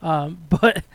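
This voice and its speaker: A man's voice: high voice, dry recording. A man hosting a casual podcast chat, laughing often and steering the talk. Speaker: podcast host.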